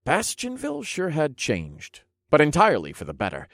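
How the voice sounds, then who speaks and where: A man narrating a first-person fantasy audiobook with expressive storytelling, softening for intimate moments. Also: on the high side, moderate pace, no room sound, studio quality.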